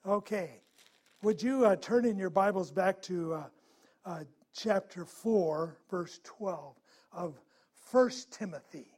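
High-voiced man preaching a story sermon. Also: takes it slowly. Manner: conversational, asks the listeners questions; grows louder and more urgent at tense moments.

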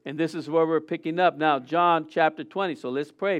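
A man's voice: a little high, steady tone, normal speed, clear, resonant tone. A middle-aged man preaching a casual Easter sermon as pastor, rambling with many fillers and restarts, and his voice swells on quoted lines.

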